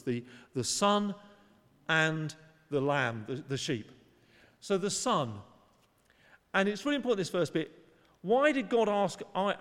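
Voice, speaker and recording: A man's voice: high-pitched, long reverb tail. A man preaching a sermon in an earnest, conversational way, sometimes acting out short voices for emphasis. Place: church.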